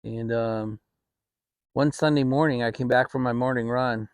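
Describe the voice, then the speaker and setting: A middle-aged man hosting his own channel, telling a family story in a relaxed, rambling way with frequent restarts. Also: mid-range voice, normal speed, clean tone, dry recording. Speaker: channel host. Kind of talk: casual storytelling. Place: home, relaxed fireside setting.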